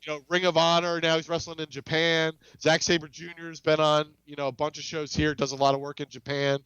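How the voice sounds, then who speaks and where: A man talks casually as a podcast guest, wandering through anecdotes with restarts and little acted-out quotes. His voice sits fairly high and sounds smooth and clear. The recording is dry and slightly dull. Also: little pitch movement, brisk, a bit bright, no echo. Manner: rambling, frequent restarts, acts out quoted dialogue. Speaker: game studio CEO, podcast guest. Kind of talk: casual interview storytelling.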